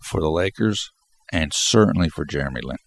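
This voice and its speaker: Low gravelly congested man. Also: lively intonation, fairly quick, dry recording. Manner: rambling, repeats words and restarts. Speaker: basketball video commentator. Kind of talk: solo post-game commentary.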